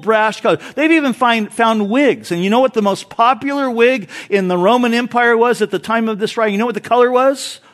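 A male pastor preaching an expository sermon in a church, emphatic and animated, joking with the congregation. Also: sits high.

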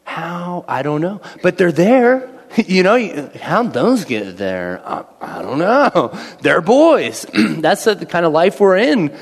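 Conversational pastor preaching in a reverberant hall. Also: male voice, high-pitched, creaky. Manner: conversational, repeats phrases, acts out quoted voices. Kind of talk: sermon.

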